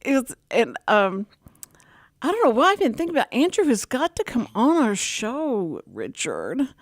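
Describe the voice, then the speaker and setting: Lively, rambling woman radio host. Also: a little high, measured pace, dry recording. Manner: animated, rambling storyteller. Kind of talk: casual talk radio chat.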